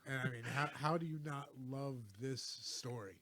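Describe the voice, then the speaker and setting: Man, casual film chat, measured, thoughtful pauses, mid-pitched. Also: fairly even intonation, noisy background. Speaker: co-host of a movie talk show.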